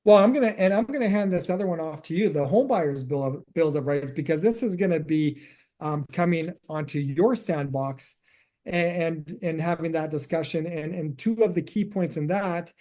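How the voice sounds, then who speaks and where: A man's voice: fairly high pitch, moderate pace, dark tone. A man co-hosting a real estate podcast, explaining rules step by step and recapping them. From Canada. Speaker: realtor podcast co-host. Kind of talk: casual podcast chat.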